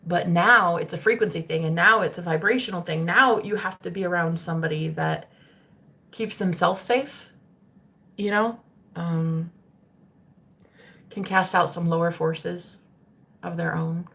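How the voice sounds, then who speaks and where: A woman's voice: lowish voice, fairly even intonation, measured pace, vocal fry, long pauses, pushed and bright. A young adult woman talking casually to her stream viewers, chatty and swearing freely. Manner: chatty, swearing, laughing often. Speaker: spiritual streamer.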